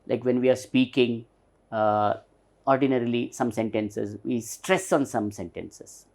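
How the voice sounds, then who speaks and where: A male teacher with an Indian English accent giving a recorded phonetics lesson, explaining slowly and repeating words to show their stress. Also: mid-range voice, a little mellow.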